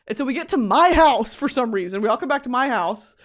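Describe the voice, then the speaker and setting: A woman from Texas with a Texan accent, hosting a podcast and telling a comedic story in an animated, profane way, laughing often. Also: a little high, quick pace. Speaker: podcast host.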